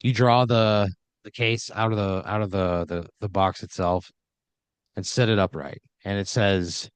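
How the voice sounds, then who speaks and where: A man's voice: on the low side, fairly even intonation, unhurried, smooth, dry recording. A man narrating an improvised horror comedy scene in a loose, rambling way, full of fillers and restarts. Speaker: storyteller running the scene.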